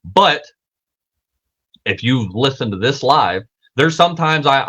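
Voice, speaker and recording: A man's voice: medium pitch, lively intonation, normal speed, sharp tone. A young man hosting a casual livestream, rambling and self-correcting, swearing freely, with lots of filler words. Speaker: podcast host.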